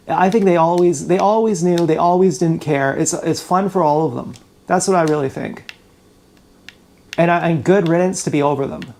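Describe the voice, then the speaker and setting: Gravelly, fired-up venting vlogger. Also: medium pitch, normal speed, a little mellow, slight background noise. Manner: agitated, profane, rambling. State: fired up and upset. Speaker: YouTuber. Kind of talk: emotional venting vlog. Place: indoors, live stream. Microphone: GoPro camera.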